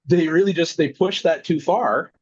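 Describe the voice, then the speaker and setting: A man from Alberta, a podcast guest, telling his side in a steady, wry way. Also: a little high, moderate pace, breathy edge, no room sound, lo-fi sound. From Alberta, Canada. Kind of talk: casual podcast conversation.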